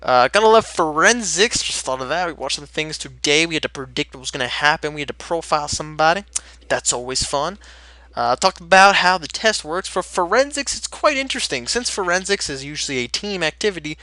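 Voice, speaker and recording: Teen male Let's Play host, upbeat and rambling, a touch high-voiced, sharp bright tone, dry close sound. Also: a little fast, dry recording. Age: late teens. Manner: energetic, rambling and chatty. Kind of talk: casual gameplay commentary.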